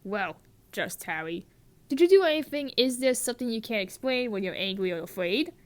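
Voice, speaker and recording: A woman doing a gruff kindly giant man. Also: a little high, lively intonation, fairly quick, a little mellow, natural voice.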